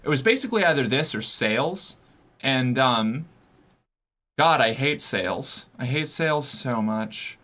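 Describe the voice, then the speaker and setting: With a mid-range, pushed and bright voice, a young US Northeasterner talks a little slowly but with lively intonation. He's streaming, reading viewer messages aloud and chatting casually in a rambling, filler-heavy way.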